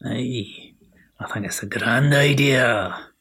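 A man's voice: mid-range voice, slow pace, pushed and bright, breathy edge, exaggerated voice. A man voicing a cheeky, mock-threatening Glaswegian co-host in a put-on Scottish accent. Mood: encouraging.

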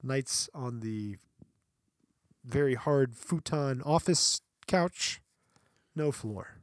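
A man co-hosting a podcast in casual chat, animated and laughing often, now and then reading from an article. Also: mid-range voice, drawn-out words, dry recording, studio quality. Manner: animated, laughs often, breaks into playful voices. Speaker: podcast co-host.

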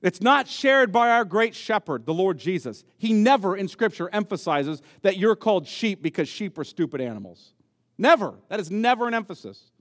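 A man's voice: high voice, big pitch swings, moderate pace. A man preaching a sermon as pastor, emphatic and repeating key words for stress. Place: church sanctuary. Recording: long reverb of a church hall.

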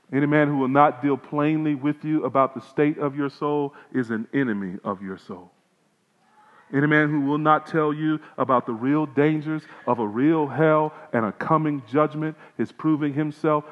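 A male pastor delivering a sermon, moving between loud proclamation and quiet pleading. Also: mid-range voice. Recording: lo-fi with long reverb, hall.

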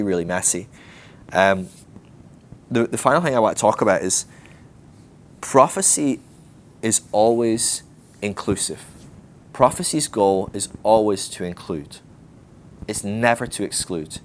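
A man teaching a conversational, animated sermon with casual slang. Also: mid-range voice, a little hiss or hum. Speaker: preacher.

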